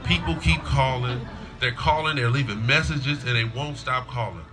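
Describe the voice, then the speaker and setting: A man's voice: medium pitch, moderate pace. A middle-aged man, a school coach, giving a storytelling graduation speech to students and parents. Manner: storytelling, acts out a child's whiny voice in quotes.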